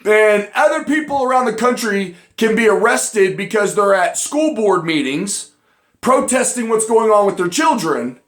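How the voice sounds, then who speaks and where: A man with a notably high voice rants through an online commentary. He is angry and profane, and his talk keeps bursting into shouts. The recording has a roomy echo.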